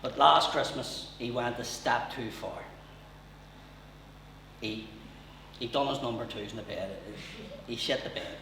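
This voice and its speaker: A man's voice: medium pitch, creaky, a bit bright, a little hiss or hum. A man doing stand-up comedy, telling a story in a swearing, conversational way. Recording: echoey room heard from far off.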